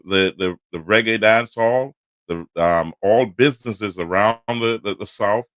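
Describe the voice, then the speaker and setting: A man's voice: lowish voice, fairly bright tone, no echo, poor audio. A man hosting a podcast show, talking casually with many fillers and restarts. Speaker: podcast host.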